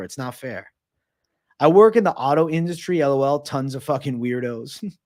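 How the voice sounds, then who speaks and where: A man hosting a livestream Q&A, reading viewer messages aloud and answering in a loose, joking, profane way, often trailing off low and quiet at the ends of his answers. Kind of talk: casual livestream Q&A.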